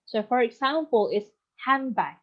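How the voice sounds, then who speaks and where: A woman's voice: on the high side, unhurried. Woman explaining lessons, muffled. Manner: steady step-by-step explaining. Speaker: teacher. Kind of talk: recorded lecture on phonology. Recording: muffled lo-fi recording.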